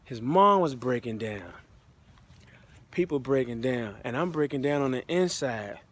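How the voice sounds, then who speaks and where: A man's voice: mid-range voice, lively intonation, unhurried. Man telling a heartfelt personal testimony. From United States. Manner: casual, heartfelt, loose slang-filled retelling. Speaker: motivational speaker.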